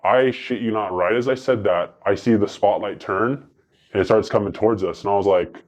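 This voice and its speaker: Low-voiced man telling rambling stories. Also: darkish tone. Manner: rambling, profane, fast anecdotes with many fillers. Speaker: guest. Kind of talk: casual storytelling.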